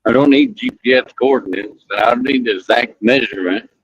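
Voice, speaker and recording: A man's voice: medium pitch, huge pitch swings, a little fast, creaky, slightly rough, no echo. A man co-hosting a casual live stream, teasing the host and reading messages from the chat. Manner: teasing, chimes in and reads from the chat. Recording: dull, dry lo-fi sound.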